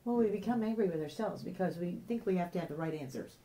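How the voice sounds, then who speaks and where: A woman in the class speaks up from her seat in a low, mellow voice. She adds her comment in an even, conversational way. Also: fast talker. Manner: chiming in with a comment. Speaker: class member.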